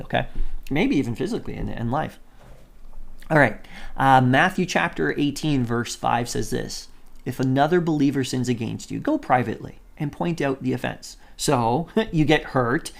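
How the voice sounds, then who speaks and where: A man's voice: mid-range voice, gravelly. A man preaching a conversational sermon, who keeps checking in with his listeners and chuckles between points.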